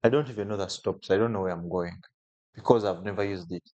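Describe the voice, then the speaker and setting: A man telling a personal story as a podcast guest, animated, with frequent restarts and jumps in pitch when quoting others. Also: fast talker, dull audio.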